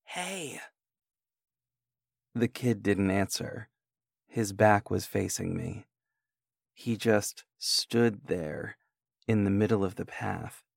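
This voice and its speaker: A man reading a first-person horror story aloud in a measured, unhurried way. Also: fairly low pitch, vocal fry, dry recording, clean studio sound.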